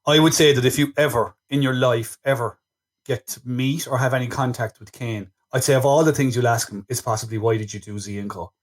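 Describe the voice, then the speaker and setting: A man's voice: medium pitch, steady tone, fairly quick. An Irish man co-hosting a podcast, rambling and joking in casual chat. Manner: jokey, rambling, laughs often. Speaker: podcast co-host.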